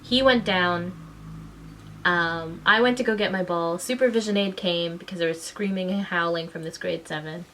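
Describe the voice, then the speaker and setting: A mother and vlogger in a casual storytelling vlog, talking in an animated way and acting out the voices of people in her story. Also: on the low side, normal speed, slight background noise, rough recording. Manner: animated, acts out quoted voices.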